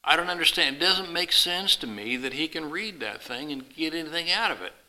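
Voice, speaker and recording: Casting: a preacher doing a stubborn, baffled pet dog in a told story, slightly higher, bright tone. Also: male voice, animated, fairly quick, poor audio. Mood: puzzled. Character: dog Rover, puzzled and stubborn.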